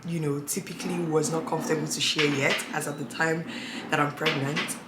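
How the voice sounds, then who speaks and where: A woman's voice: low voice, fairly quick. Chatty woman in an echoey room. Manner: chatty, animated, drops to tired near-whispers. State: heavily pregnant. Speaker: vlogger. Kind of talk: casual chat to camera. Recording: echoey room with audible noise.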